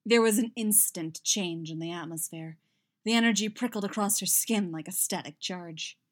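A woman narrating a story in an unhurried, even reading voice. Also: on the low side. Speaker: audiobook reader. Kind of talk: fan fiction narration.

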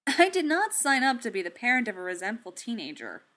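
A woman voicing an exasperated, grumbling male inventor, protesting loudly and rising high. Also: big pitch swings, brisk. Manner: loud, high-pitched protests. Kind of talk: audiobook character reading.

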